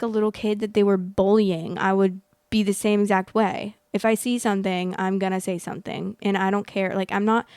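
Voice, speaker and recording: Animated young woman ranting, smooth voice. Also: mid-range voice, dry recording, studio quality. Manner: animated, heated, lots of fillers. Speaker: podcast host reading stories. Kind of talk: casual storytelling rant.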